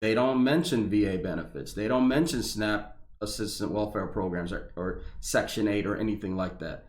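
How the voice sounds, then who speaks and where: A man's voice: fairly low pitch, moderate pace. Pissed off guy ranting over some memo, swears a lot, trips over his words, roomy echo. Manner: heated, profane, stumbling restarts. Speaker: veteran reacting to a government memo. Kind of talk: angry ranting commentary. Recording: echoey room.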